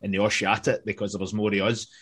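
Man, husky voice, bright tone, sweary laughing anecdotes, casual podcast chat. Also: on the low side, little pitch movement, fast talker. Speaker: band member on a podcast. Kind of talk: casual storytelling.

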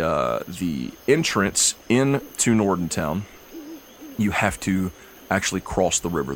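Low-voiced game master. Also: male voice, slight background noise. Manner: relaxed, halting, with fillers. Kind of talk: narrating a tabletop game.

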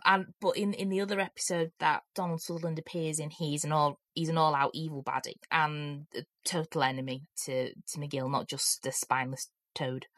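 A woman co-hosting a chat show, chatty and self-deprecating, with a low-pitched voice. The sound is dry and close to the mic, with no room around it. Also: steady tone, moderate pace, hardly any pauses, fairly bright tone, dry recording. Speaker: podcast co-host. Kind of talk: casual chat.

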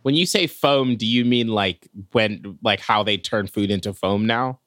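A woman's voice: a bass voice, measured pace, no echo, clean studio sound. A woman co-hosting a comedy podcast in casual chat, asking jokey questions and swearing casually. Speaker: podcast co-host.

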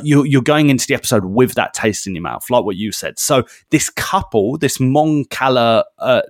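Male podcast co-host, chatty and animated, restarts a lot; dry close mic. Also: medium pitch, no room sound. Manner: chatty, animated, repeats himself while thinking. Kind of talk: casual chat.

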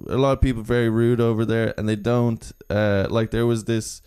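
A young Irish man with a smooth, resonant voice, telling rambling travel stories over a casual chat. He laughs at his own punchlines as he goes. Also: on the low side, level tone, moderate pace, darkish tone. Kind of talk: casual storytelling.

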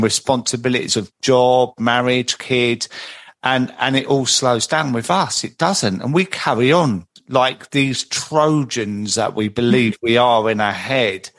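A man's voice: medium pitch, a bit bright. A man hosting a podcast, chatty and full of anecdotes. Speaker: podcast host. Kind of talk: casual podcast conversation.

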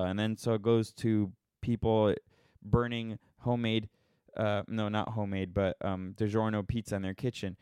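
A man's voice: fairly low pitch, flat delivery, normal speed, darkish tone, clear, resonant tone, dry recording, studio quality. A man ranting casually to his viewers, sarcastic and rambling, poking fun at himself. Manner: sarcastic, rambling, self-mocking. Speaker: vlogger. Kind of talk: casual opinion rant.

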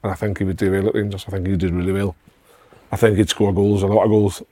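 A Scottish man co-hosting a casual football podcast, talking in a measured way and thinking aloud through possible scenarios. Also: sits low, flat delivery, dark tone. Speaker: podcast co-host.

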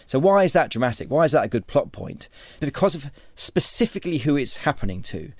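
A man's voice: a little high, very animated, brisk, no room sound. Man, author-teacher, rambling interview talk, lots of restarts, dry sound. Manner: rambling, many restarts and repeated words. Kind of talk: conversational interview.

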